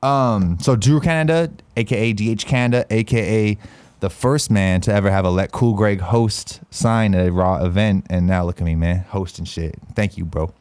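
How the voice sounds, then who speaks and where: A man's voice: on the low side, moderate pace, darkish tone, no room sound. A man co-hosting a loose, profane wrestling chat, laughing often. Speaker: co-host. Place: studio.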